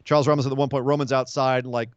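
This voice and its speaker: A man hosting a wrestling podcast, giving an animated, casual recap and acting out quotes as he tells it. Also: mid-range voice, very fast, dry recording, dull audio.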